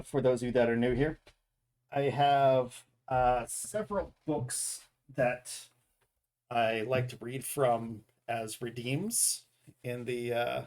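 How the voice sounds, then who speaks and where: A man's voice: medium pitch, slow, a little mellow. A man streaming a game, chatting casually and reading dad jokes, often correcting himself and chuckling at his own jokes. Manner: reads dad jokes aloud. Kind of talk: casual live stream chat.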